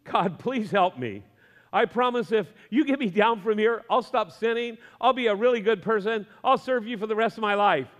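Brief: male preacher playing a frantic cliff-hanging man, high and pleading, long reverb. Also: lively intonation, normal speed, lo-fi sound. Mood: desperate. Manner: desperate, pleading shouts. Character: panicked man clinging to a cliff branch.

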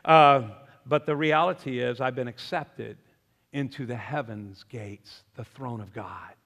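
Male pastor, sermon, animated and emphatic, bright voice with a long hall reverb. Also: medium pitch, a little slow.

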